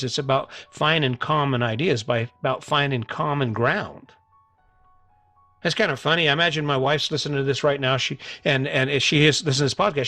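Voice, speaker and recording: A man's voice: on the high side, a bit bright. A middle-aged man hosting a podcast, talking earnestly and casually to listeners, often repeating himself and restarting his sentences. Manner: earnest, repetitive, conversational with many restarts. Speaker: podcast host. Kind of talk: motivational solo podcast monologue.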